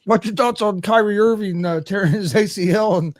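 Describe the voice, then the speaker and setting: A man's voice: high voice, brisk, a little hiss or hum. A man co-hosting a casual sports talk show, dropping dry jabs and steering the next topic. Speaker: podcast co-host.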